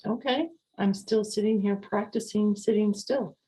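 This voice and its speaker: A woman hosting a podcast, talking calmly and repetitively as she coaches listeners on slowing down and mindfulness. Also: mid-range voice, low-quality recording. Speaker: podcast host. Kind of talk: calm podcast talk on sleep and mindfulness.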